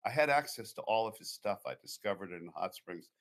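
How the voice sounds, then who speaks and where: A man's voice: fairly low pitch, animated, a little fast, a bit bright. A man from the Boston area, a guest author telling long, digressive stories in an interview. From Boston area, USA. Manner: anecdotal, digressive. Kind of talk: storytelling interview talk.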